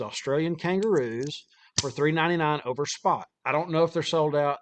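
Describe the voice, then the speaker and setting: A man hosting a casual chat, upbeat and promotional. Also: a little high. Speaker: host.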